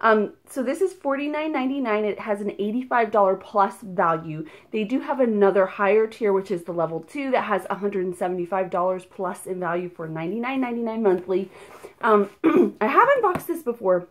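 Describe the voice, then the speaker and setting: A woman's voice: mid-range voice, animated, a little fast. A young woman hosting a casual unboxing video, talking in a chatty, rambling way with lots of fillers. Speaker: unboxing vlogger.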